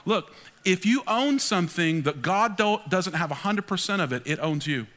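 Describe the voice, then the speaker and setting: A middle-aged man, preaching a sermon as pastor, emphatic and animated. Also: high voice, normal speed. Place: large church hall. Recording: long hall reverb.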